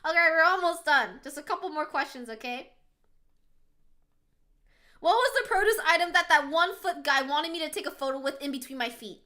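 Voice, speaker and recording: A woman's voice: sits high, animated, moderate pace, bright, forceful tone. A young woman hosting a quiz on a live stream, chatting casually, laughing often, reading chat aloud and swearing freely.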